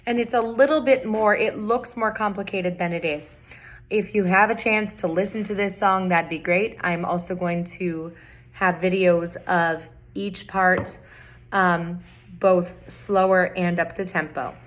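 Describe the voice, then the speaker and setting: Patient woman music teacher, lowish voice. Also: steady tone, measured pace. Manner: patient, repeats key points, counts and chants rhythms. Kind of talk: recorder tutorial.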